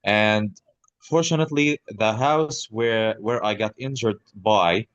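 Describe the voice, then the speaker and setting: Podcast guest: man in his thirties, halting and blunt, dry close recording. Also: fairly low pitch, dry recording, highs cut off. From Gaza. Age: 30s. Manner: halting, many restarts, blunt swearing. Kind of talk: personal account in an interview.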